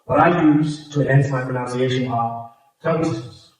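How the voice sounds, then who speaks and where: A man's voice: mid-range voice, normal speed, distant mic, lo-fi sound. A public speaking coach, a man whose first language is Xhosa, speaks English with a South African Xhosa accent. He teaches a workshop, explaining and repeating points and demonstrating as he goes. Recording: very echoey room, voice from afar.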